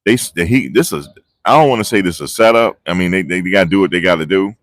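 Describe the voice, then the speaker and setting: A man vlogging live outdoors, talking in a rambling, excitable way and losing his train of thought. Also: low-pitched, quick pace, dry recording, clean studio sound. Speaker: vlogger reporting on a trial. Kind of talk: live casual street commentary. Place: outdoors outside a courthouse. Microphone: phone on a handheld gimbal.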